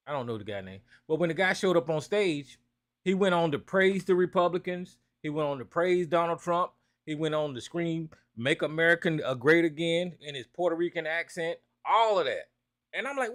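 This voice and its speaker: A man from North Carolina, hosting a call-in talk show and ranting profanely about politics. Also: high-pitched.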